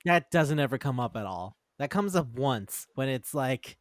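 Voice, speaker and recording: A man chatting casually about manga, excitable and quick to swear. He keeps slipping into characters' lines as he talks. His voice sounds close and dry, with no room around it. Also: medium pitch, dry recording. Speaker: podcast co-host. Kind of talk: casual chat reviewing manga.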